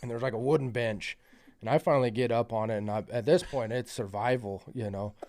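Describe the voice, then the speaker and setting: A man from Utah tells a wild story on a podcast in a loose, rambling way. His voice sits in an ordinary middle pitch. He swears freely, leans on fillers, and acts out the quoted lines. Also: fairly even intonation, fairly quick, a little mellow. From South Central Utah. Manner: rambling, profane, heavy fillers. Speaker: podcast guest, hunting guide. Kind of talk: casual storytelling.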